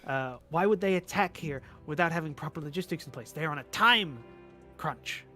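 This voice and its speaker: A man's voice: on the high side, soft background music. A man voicing a frantic, sleepless male traveler who stammers in his hurry to share a discovery. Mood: urgent. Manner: hurried, stammering, excited.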